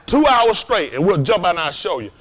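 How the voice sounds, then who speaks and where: An animated man hosts a loose, joking lesson talk. His voice runs high and swings widely in pitch. He tells stories full of laughter. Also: fairly quick. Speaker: host and teacher.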